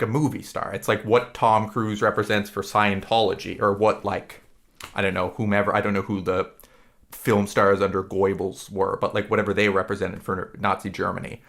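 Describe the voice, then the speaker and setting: Podcast co-host, male, low gravelly voice, rambling and profane. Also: a bit bright. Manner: rambling, profane, retells scenes with quick impressions. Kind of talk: casual podcast chat.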